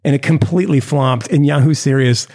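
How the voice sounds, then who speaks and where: A man co-hosting a podcast, talking in a rambling, animated way full of restarts and fillers. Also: medium pitch, brisk. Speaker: podcast co-host. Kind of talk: casual chat.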